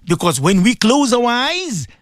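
A man's voice: extremely high pitch, big pitch swings, a little slow, a bit bright, no room sound, clean studio sound. Impassioned South African man preaching. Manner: impassioned, pleading, repeats phrases for emphasis. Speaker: radio presenter and Islamic preacher. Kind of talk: radio sermon.

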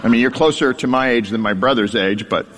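A man speaking at an ordinary pitch in a storytelling sermon. He mixes a personal testimony with a wry, self-deprecating humor. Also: brisk, a bit bright, in a large hall, a little hiss or hum. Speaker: speaker sharing his testimony.

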